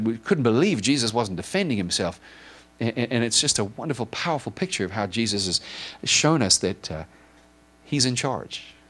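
A man preaching an informal sermon, retelling a story in an earnest, halting way with many repeated words and restarts. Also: on the low side, fairly bright tone. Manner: earnest and emotional.

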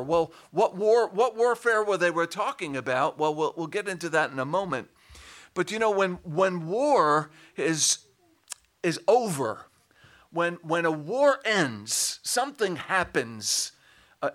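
An older male pastor delivers a sermon in a slightly raised, bright and forceful voice. He talks with animation and swells into loud, emphatic cries on the words he stresses. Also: fairly high pitch.

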